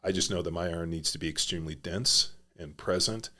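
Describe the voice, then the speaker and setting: Middle-aged male guest with a very low voice, rambling, filler-heavy and profane. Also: fast, bright, forceful tone. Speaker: podcast guest, former pro football player. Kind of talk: casual conversational storytelling.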